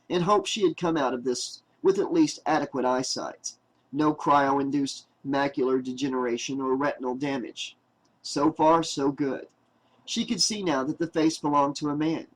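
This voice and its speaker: A man with a slightly higher-than-usual voice reads a novel aloud at an even, measured pace. His delivery is steady, as an audiobook narrator working through long passages of prose. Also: low-quality recording.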